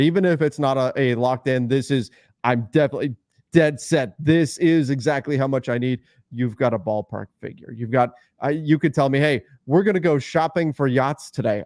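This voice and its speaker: A man's voice: medium pitch, darkish tone, no echo, clean studio sound. A man co-hosting a sports talk podcast, explaining his view in a conversational way with everyday examples. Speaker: podcast co-host.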